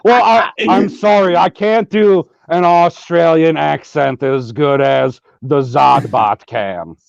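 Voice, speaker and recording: A man chatting as a guest on an online panel, telling wry stories in a drawn-out way and swearing. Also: fairly high pitch, vocal fry, no room sound. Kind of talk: casual panel chat. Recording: dry lo-fi call audio.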